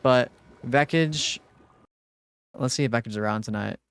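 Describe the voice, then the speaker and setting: A young man streaming live, chatting casually with his viewers in a relaxed, rambling way, full of fillers. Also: medium pitch, unhurried, clean tone. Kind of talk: casual livestream chat with viewers.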